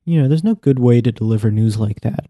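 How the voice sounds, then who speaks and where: A man co-hosting a casual podcast, asking teasing, deadpan questions while recapping a show. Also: mid-range voice, quick pace, muffled recording. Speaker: podcast co-host.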